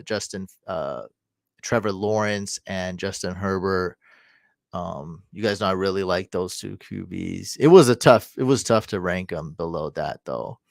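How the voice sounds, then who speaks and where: A man hosting a live fantasy football stream, casually answering viewer comments and often breaking into excited, loud cheering. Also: low voice, vocal fry, dry recording, studio quality. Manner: answers chat comments quickly. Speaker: fantasy football livestream host.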